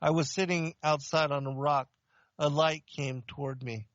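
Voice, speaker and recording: A man's voice: a little high, fairly even intonation, normal speed, a bit bright, no room sound, muffled recording. A man from Romania, preaching and telling his testimony plainly and earnestly in short sentences. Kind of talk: testimony sermon.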